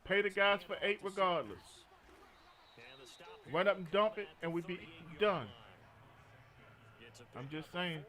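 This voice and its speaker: A man with a high, bright voice chats casually while streaming a game. He jokes around and tells stories to his viewers. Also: unhurried, pauses often. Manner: joking, storytelling, frequent laughter. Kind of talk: casual gaming commentary.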